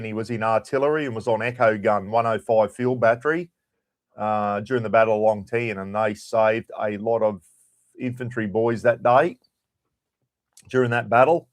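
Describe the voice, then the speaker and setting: A middle-aged Australian man hosting a casual live stream, chatting loosely and greeting viewers by name. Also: mid-range voice. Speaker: livestream host.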